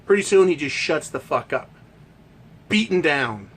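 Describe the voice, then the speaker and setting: Male host, high-pitched voice, swearing constantly and firing rhetorical questions in a heckling rant. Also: animated, measured pace, husky. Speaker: podcast host. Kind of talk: ranting monologue.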